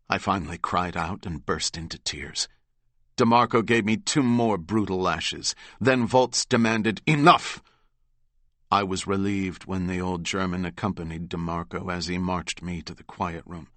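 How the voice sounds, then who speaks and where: A man narrating a novel in the first person, steady and measured. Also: low voice, no room sound. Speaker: audiobook narrator.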